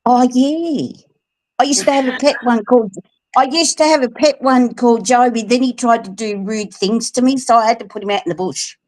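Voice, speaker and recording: A woman's voice: fairly high pitch, moderate pace, darkish tone, low-quality recording. An older woman with an Australian accent, getting over a flu, chatting as a guest on a video call and telling her story with laughs in between. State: recovering from flu.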